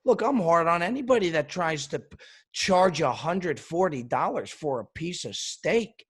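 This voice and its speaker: A man's voice: high-pitched, expressive, moderate pace, slightly rough. A man hosting a comedy podcast, delivering an exasperated, indignant rant.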